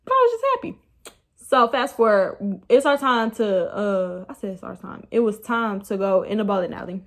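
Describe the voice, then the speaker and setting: A young woman, casually telling a rambling, animated story about her night out. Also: mid-range voice, normal speed. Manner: animated, rambling, laughs at herself. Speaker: vlogger.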